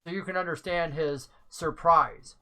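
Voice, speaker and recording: Bright-voiced woman game master. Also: deep voice, steady tone, measured pace, slight background noise. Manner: chatty, filler-heavy description. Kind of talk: narrating a tabletop game.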